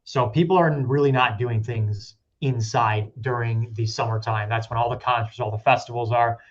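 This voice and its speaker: A man, a business founder, answering interview questions in a relaxed, reflective way, with fillers and restarts. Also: medium pitch, normal speed, muffled recording. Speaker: rage room business founder, guest.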